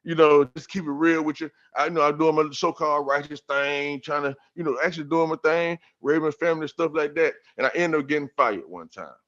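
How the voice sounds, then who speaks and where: A man on a podcast telling a story about scripture in a casual, profane, streetwise way, getting animated and repeating himself. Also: on the high side, brisk, few pauses. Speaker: podcast guest. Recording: dull lo-fi sound.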